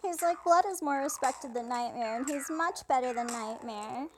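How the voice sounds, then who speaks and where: High-voiced woman retelling game dialogue. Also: moderate pace, over music. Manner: paraphrases characters with "she's like", reads punctuation aloud, laughs often. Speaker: let's play host translating a game. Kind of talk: casual live translation and retelling of game dialogue.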